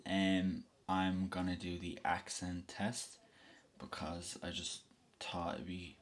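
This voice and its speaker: A young man with a Dublin accent, reading a word list and answering questions in a relaxed, hesitant way. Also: sits low. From Ireland. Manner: slow, relaxed, hesitant with frequent ums. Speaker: vlogger. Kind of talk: casual accent-test video.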